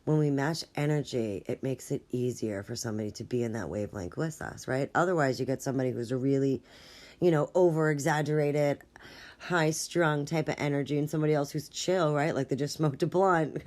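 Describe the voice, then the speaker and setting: A woman with a low-pitched voice hosts a solo podcast as a relationship coach. She talks in a loose, chatty way, tagging her points with "right?" and laughing easily. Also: a little mellow. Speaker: sex coach and podcast host. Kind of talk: casual solo podcast advice.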